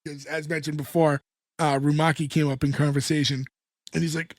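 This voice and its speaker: A man co-hosting a podcast, retelling a sitcom episode in a casual, animated way and acting out the characters' lines. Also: on the high side, normal speed, no room sound, studio quality. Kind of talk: casual chat.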